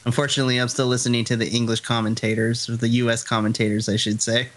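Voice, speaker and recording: A man co-hosting a podcast, animated and sassy, laughing often in casual chat. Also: mid-range voice, fast. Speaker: podcast co-host. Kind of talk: casual chat, live reaction.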